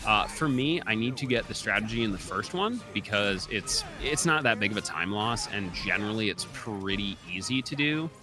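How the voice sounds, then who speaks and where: A man's voice: lowish voice, lively intonation, normal speed, hardly any pauses, over music. A young man giving chatty, explanatory live commentary during a speedrun, with many filler ums.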